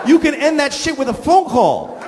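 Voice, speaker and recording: A man's voice: extremely high pitch, big pitch swings, normal speed, background noise. A man doing a crude, ranting stand-up comedy set.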